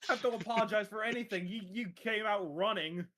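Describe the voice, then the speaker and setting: A man chats casually at a tabletop game. His voice is a bit high and bright. He stammers and swears freely. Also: a little fast. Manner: stammering, swearing, retells in quotes. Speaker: player.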